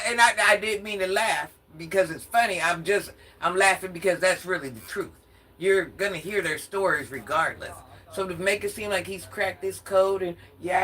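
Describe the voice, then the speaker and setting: An older woman from Atlanta vents in a confrontational, sassy vlog, often laughing while she talks as a social media commentator. Her lowish voice is a bit bright, and the recording has a little hiss or hum.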